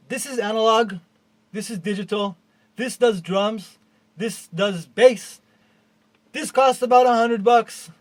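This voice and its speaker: Fed-up gear reviewer with a high-pitched voice. He rambles through a profane rant and swings from mutters to outbursts. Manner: profane and exasperated, shifting between mutters and outbursts; loose and rambling, full of fillers and restarts. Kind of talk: ranting product review.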